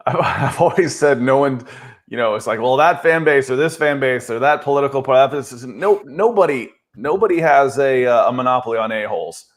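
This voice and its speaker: A man's voice: medium pitch, expressive, normal speed. A middle-aged man from Iowa chatting casually on a podcast, joking and self-deprecating. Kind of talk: casual chat.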